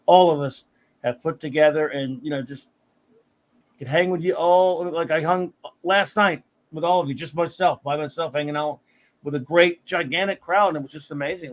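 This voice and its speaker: A middle-aged man hosting a casual live stream, chatting about comics and thanking viewers by name. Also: a little high. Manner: warm shout-outs to chat viewers. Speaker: host of a comics talk stream.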